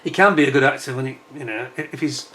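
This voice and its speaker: A man's voice: mid-range voice, fast, a bit bright, slight background noise. Chatty British man reviewing model kits. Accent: British English. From United Kingdom. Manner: chatty, wanders off on tangents, frequent fillers. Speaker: scale model kit reviewer. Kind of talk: casual rambling review chat. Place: indoors at home, warm room with a fan.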